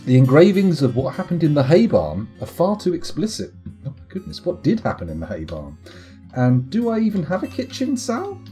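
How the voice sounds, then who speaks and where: With faint music in the background, a young man from the UK streams a game in a warm, higher-leaning voice that swoops wildly in pitch and runs a little fast. His casual commentary is rambling, joking, and self-mocking.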